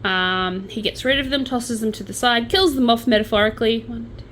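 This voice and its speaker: A woman's voice: on the high side, brisk, fairly bright tone, a little hiss or hum, rough recording. A young Australian woman hosting a true crime channel, telling the story in a casual, chatty way with sardonic asides.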